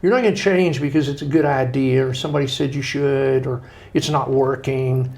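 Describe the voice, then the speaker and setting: This middle-aged guest author speaks at medium pitch and a normal pace, his voice creaky. In a relaxed interview he tells homespun tales with lively energy, acting out the quoted speech of others.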